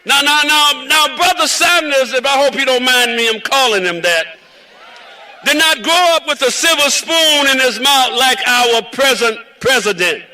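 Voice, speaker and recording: A man's voice: very high voice, animated, normal speed, sharp tone, rough recording. A man from South Carolina with a Southern drawl, giving a rhythmic, preacherly rally speech outdoors. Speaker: rally speaker. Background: cheering crowd.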